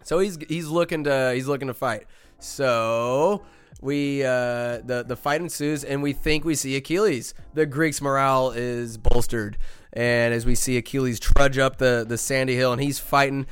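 A young man hosting a podcast, giving a casual, animated movie recap full of slang and acted-out quotes. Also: mid-range voice, moderate pace, smooth, soft background music. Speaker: podcast host.

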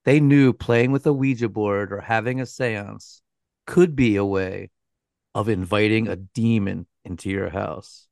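Male co-host narrator, low gravelly tone, unhurried, measured delivery. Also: darkish tone, no echo. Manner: measured, dramatic, with a dry aside. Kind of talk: scripted storytelling narration.

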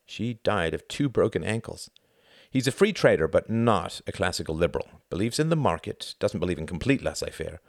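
Man reading as a calm know-it-all guy, deep voice, matter of fact, dry. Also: gravelly, dry recording. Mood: informative. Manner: measured, lecturing.

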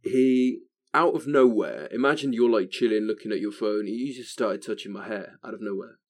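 A man's voice: fairly low pitch, normal speed. Young man swearing through a rambling story. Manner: swears a lot, rambling with restarts. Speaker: podcast co-host telling a story. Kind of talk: casual chat, storytelling. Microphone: desk microphone.

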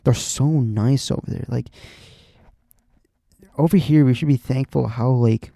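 Young man, gravelly, dark, rambling podcast talk, lots of fillers. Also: medium pitch, a little slow, dry recording. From USA. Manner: rambling, many restarts and "like" fillers, swears casually. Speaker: podcast host. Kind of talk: casual rambling monologue.

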